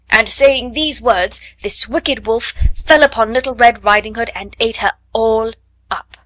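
A woman reading a classic fairy tale aloud in steady, measured storybook narration. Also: fairly high pitch, no room sound.

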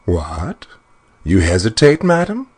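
A man's voice: deep voice, very animated, unhurried, slightly rough, full character voice. A man reading a fairy tale aloud and voicing a smug, greedy little male dwarf with a sly, disdainful manner. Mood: mocking. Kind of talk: storybook narration.

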